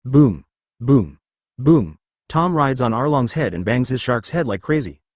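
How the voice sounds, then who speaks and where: A man reading a fan fiction story aloud in an even, flat cadence. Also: medium pitch, brisk, no echo, studio quality. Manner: reads page artifacts and sound words flatly, even cadence. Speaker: narrator.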